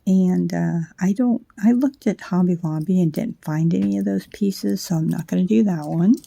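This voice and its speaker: A woman hosting a casual craft how-to at home late at night, sleepy, soft and unhurried, often slipping into a whisper as she works. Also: lowish voice, vocal fry, no echo. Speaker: craft channel host.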